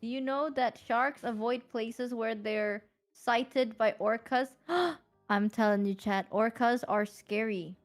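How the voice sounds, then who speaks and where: A woman's voice: on the high side, takes it slowly, faint music behind. A woman streamer chatting casually over drinks, rambling dramatically and talking to her chat.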